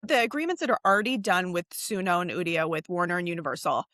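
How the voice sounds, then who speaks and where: A woman's voice: on the low side, quick pace, fairly bright tone, dry recording. A woman co-hosting a podcast in a loose, chatty way, with lots of fillers and restarts. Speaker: podcast co-host. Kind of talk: casual podcast discussion.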